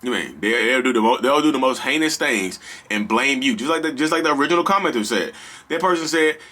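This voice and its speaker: A man hosting a casual advice vlog, talking straight to his viewers in an animated, slangy, rambling way. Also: mid-range voice, fast talker. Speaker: vlog host.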